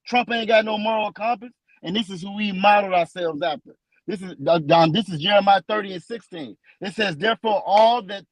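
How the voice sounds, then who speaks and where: A man teaching from scripture in a preaching style, emphatic and repetitive, slowing down to read verses aloud. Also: sits high, rough recording. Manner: emphatic and repetitive, restates lines for stress; slows down when reading verses aloud.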